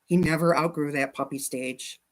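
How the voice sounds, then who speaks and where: A woman's voice: deep voice, fairly even intonation, moderate pace. A woman hosting a casual quilting livestream from her home sewing room, chatting with viewers about their comments and talking to her dog.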